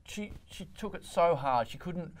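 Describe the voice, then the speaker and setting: A man, a comedian on a panel, telling an animated story in casual chat and acting out the quotes himself. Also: on the high side, normal speed.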